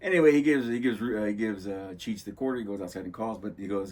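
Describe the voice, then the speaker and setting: Low husky guy on a podcast, rambling movie recaps, doing the lines himself. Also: quick pace. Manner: rambling, laid-back storyteller acting out movie lines. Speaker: podcast host. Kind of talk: casual chat about movies.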